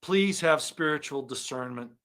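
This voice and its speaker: A man giving an angry monologue to his viewers, swinging from loud outbursts to low muttering. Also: expressive, normal speed. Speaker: online commentator.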